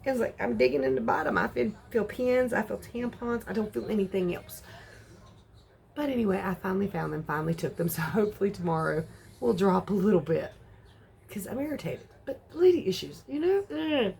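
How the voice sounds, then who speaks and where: A woman in her forties chatting casually on a vlog, excitable and ranting. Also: brisk, vocal fry. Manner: excitable ranting with big jumps in pitch. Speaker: vlogger.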